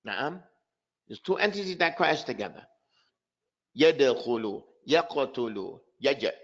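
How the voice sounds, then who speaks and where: A man teaching a live online pronunciation lesson, repeating example words and asking his students quick questions. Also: mid-range voice, lively intonation, a bit bright, dull audio. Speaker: tajweed teacher.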